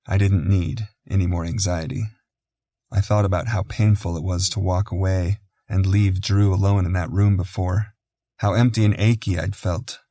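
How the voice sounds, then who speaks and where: Low gravelly male audiobook narrator. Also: darkish tone, dry recording, clean studio sound. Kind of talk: first-person audiobook narration.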